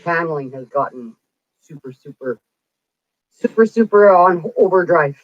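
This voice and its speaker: A psychic streamer in her forties chats and rambles through casual stories, voicing what people said. Her fairly low voice is animated and her pace measured. The lo-fi audio is dull and dry, with no echo.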